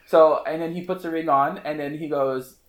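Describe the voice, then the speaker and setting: A man, a hairstylist guest on a podcast, telling a story in an animated, casual way, full of fillers and repeated phrases. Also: fairly high pitch, moderate pace. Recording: roomy echo.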